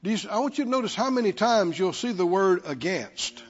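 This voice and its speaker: A male pastor preaches fairly quickly in a high-pitched, slightly rough voice with lively intonation, repeating words to stress them and prompting answers from the congregation. Long hall reverb sits over a dull, lo-fi recording.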